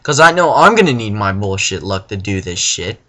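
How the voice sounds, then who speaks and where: A young man giving profane, frustrated let's play commentary, ranting and now and then bursting into yells. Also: on the low side, very animated, moderate pace. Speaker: gamer.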